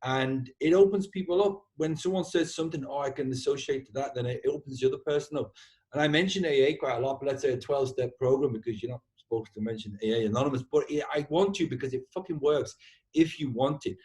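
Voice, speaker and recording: Animated swearing male podcast host. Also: medium pitch, quick pace. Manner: animated, swears freely, says "man" a lot. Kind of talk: casual heartfelt chat.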